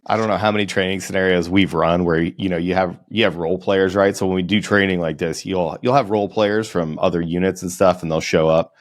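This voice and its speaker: Low-voiced man telling animated stories. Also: brisk, hardly any pauses, no room sound, studio quality. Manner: animated storytelling, mimics people in high put-on voices. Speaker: podcast co-host. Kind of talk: casual chat.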